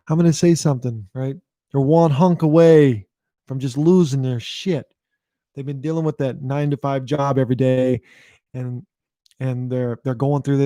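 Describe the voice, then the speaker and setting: Mellow-voiced man riffing casually. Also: medium pitch, dry recording, studio quality. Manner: loose, profane, repeats himself. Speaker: host. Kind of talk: casual talk to camera.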